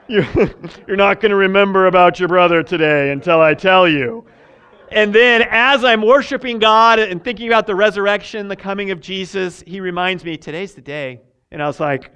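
A man preaching a sermon and telling a personal story, swinging from soft asides to excited shouting. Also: high-pitched, moderate pace, clean tone. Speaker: pastor.

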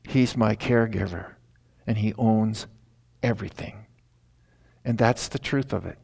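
A man's voice: on the low side, a little slow, vocal fry, a little mellow. A middle-aged man preaching a sermon in a folksy, storytelling way, with emphatic lines.

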